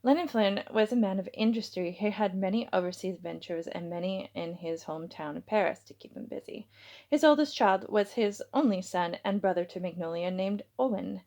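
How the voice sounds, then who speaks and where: A woman's voice: medium pitch, normal speed, a little mellow. Woman reading her novel, with slips. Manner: unpolished reading with slips and self-corrections. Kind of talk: audiobook reading.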